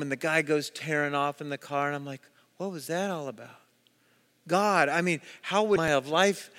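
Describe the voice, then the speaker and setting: A high-pitched, bright male pastor preaches in a large hall with a long reverb tail. He tells stories with lots of energy and acts out the voices in them. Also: smooth. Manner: storytelling, animated, acts out voices. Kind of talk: sermon.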